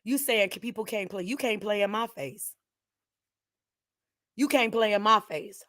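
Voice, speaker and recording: A woman hosting her channel, ranting angrily at someone. She repeats herself, swears, and swings from low muttering to shouting. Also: a little slow, no room sound. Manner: swears freely, addresses viewers directly. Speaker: channel host. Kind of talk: heated direct-to-camera rant.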